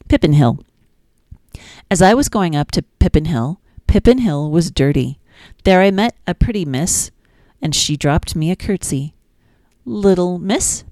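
A woman's voice: low voice, warm tone, dry recording. A woman hosting a children's podcast, reading nursery rhymes in a sing-song, playful way with little asides.

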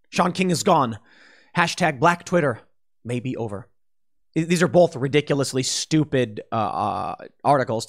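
A man hosting an opinionated commentary show, talking in a sarcastic, animated way. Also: on the high side. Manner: animated, sarcastic, acts out mocking voices.

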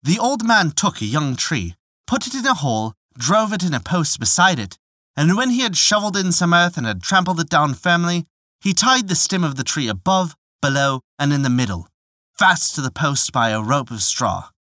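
Male folk tale narrator, expressive, bright voice, dry close sound. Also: fairly high pitch, moderate pace, no room sound. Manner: lively, expressive storytelling. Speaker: storyteller.

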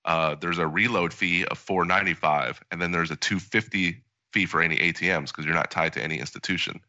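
A man's voice: deep voice, steady tone, fairly quick, sharp tone, no echo, muffled recording. A man co-hosting a podcast in casual chat, wry and matter-of-fact as he lists details. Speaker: podcast co-host.

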